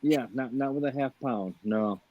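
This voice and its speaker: Middle-aged man from Michigan, average pitch, halting chat; dull, dry lo-fi recording. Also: no echo. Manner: halting, many restarts and fillers. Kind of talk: casual chat.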